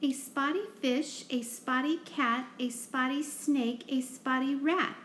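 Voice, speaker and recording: A woman's voice: high-pitched, takes it slowly, a bit bright, slight background noise, pitched above the performer's own voice. A woman voicing a worried man who owns many pets, pleading and listing his troubles in a sing-song way. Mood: anxious. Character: fretful pet owner man, worried. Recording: roomy echo.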